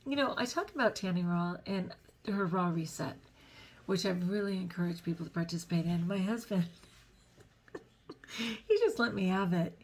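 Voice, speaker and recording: Middle-aged woman, personal vlog host; chatty and earnest, laughs easily, mid-pitched. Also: moderate pace, long pauses. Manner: chatty, self-deprecating, laughs between thoughts; earnest, faith-filled reflection. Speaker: vlogger.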